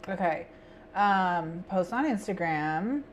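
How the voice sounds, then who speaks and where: Woman, low voice, casual rambling chat, thinking aloud, faint room hum. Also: animated, slow. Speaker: craft stream host. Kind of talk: casual chat with viewers while planning.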